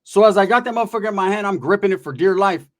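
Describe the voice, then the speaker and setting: Fast-talking, animated storyteller man. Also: high-pitched. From Northern California. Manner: animated, profane, acts out the voices of the people in his story. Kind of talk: casual storytelling.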